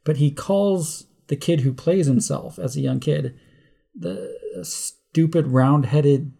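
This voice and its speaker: A man's voice: a little high, a little slow, gravelly, dark tone, breathy edge. A man co-hosting a movie podcast, rambling and catching himself mixing up names. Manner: rambling, trips over names and corrects himself. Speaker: podcast co-host. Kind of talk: casual chat.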